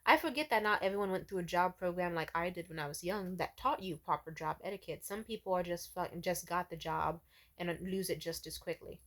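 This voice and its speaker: A woman's voice: fairly low pitch, brisk. Exasperated young woman ranting a story. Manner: exasperated, profane, animated storytelling. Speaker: vlogger telling a story. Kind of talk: casual storytime rant.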